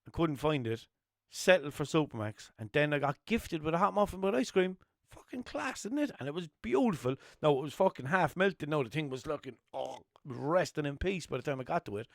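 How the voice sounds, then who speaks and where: A young man with a Limerick Irish accent hosting a solo podcast, rambling and swearing through jokey stories and putting on high voices for the people in them. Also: expressive, brisk, gravelly, dry recording, clean studio sound. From Ireland. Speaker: podcast host. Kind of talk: casual solo podcast chat.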